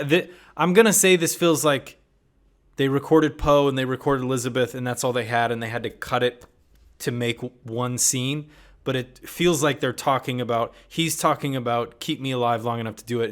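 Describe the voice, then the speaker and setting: A man giving a casual reaction review of a TV episode, critical and puzzled, often reading out lines of dialogue. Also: medium pitch. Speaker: TV series reviewer.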